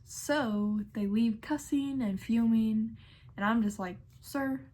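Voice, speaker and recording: A woman's voice: a little high, takes it slowly, darkish tone. A young adult woman, a pharmacy technician, narrating storytime tales in a sassy, exasperated way.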